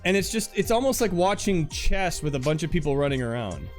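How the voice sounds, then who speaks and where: A man's voice: on the high side, sing-song, a little fast, soft background music. A man chatting casually with viewers on his live stream, laughing often and trailing off mid-sentence before starting over. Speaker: livestreamer.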